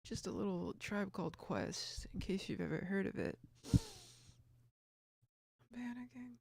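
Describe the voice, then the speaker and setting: A woman's voice: medium pitch, expressive, measured pace, creaky, darkish tone, slightly rough, dry recording, clean studio sound. A woman streaming while she works, rambling in a casual monologue and often muttering or whispering to herself.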